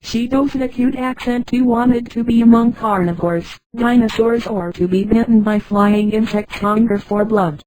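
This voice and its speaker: A woman's voice: on the high side, normal speed, hardly any pauses, darkish tone, no echo, lightly acted, rough recording. A text-to-speech woman's voice reading a frank young woman's lines, plain-spoken.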